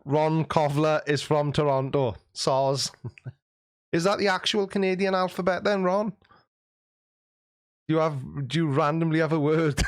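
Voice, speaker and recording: A man with a slightly high voice runs a live stream, breezily going through comments from viewers. He's jokey and cheeky, laughs frequently, and the recording is studio-clean with no echo.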